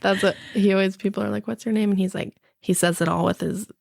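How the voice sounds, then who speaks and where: Young woman guest, bubbly storyteller, lots of vocal fry, close dry mic. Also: medium pitch, steady tone, fast talker, a little mellow, no room sound. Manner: bubbly storyteller, laughs often. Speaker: podcast guest. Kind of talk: casual chat.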